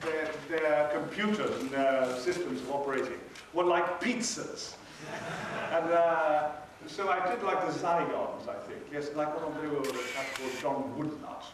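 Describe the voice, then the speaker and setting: A man's voice: on the high side, normal speed. An older man, a convention panel guest, telling dry, theatrical anecdotes to an audience. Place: large hall at a convention. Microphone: recorded from far off by an audience camera. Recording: echoey hall from far off, noisy.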